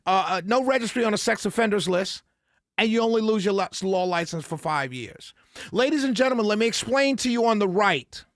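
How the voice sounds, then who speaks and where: A man's voice: very high-pitched, fairly bright tone, dry recording, studio quality. A man hosting a political commentary, ranting off the cuff with incredulous, exasperated outbursts, stammering repetitions and scoffing laughs.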